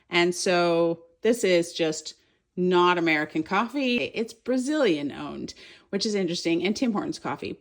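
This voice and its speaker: Chatty woman showing groceries. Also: on the low side. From Canada. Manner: chatty, thinking aloud while showing products. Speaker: vlogger. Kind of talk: casual grocery haul vlog.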